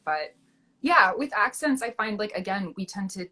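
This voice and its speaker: Bright, husky young woman. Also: mid-range voice, moderate pace. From Canada. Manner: animated, chatty, many fillers and restarts. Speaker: guest actress. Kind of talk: casual interview chat.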